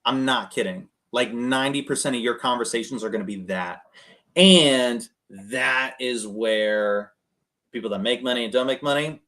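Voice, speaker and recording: On a casual video call, a man who invests in real estate coaches cold callers, full of energy, fillers, and restarts. He role-plays phone conversations, changing his tone to imitate others, in a mid-range voice at normal speed.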